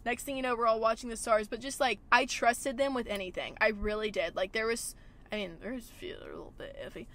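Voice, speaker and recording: A woman's voice: on the high side, fairly even intonation, fast talker, fairly bright tone. A young woman hosting a podcast from a parked car, talking casually, swearing a lot and filling her sentences with "like". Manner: chatty, swears a lot, heavy filler "like". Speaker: podcast host. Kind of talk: casual solo podcast chat. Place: parked car at a gas station.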